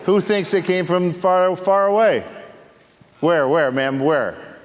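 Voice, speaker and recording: An actor on a convention panel, a man joking and teasing audience members in playful, quick asides. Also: high voice. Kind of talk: comedic Q&A banter with the audience. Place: convention hall. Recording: echoey convention hall.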